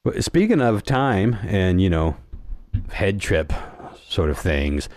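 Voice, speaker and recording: A man's voice: sits low, animated, slow pace, darkish tone, no room sound, clean studio sound. A middle-aged man hosting a podcast, telling stories in a rambling, laid-back way. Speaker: podcast host. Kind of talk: casual chat.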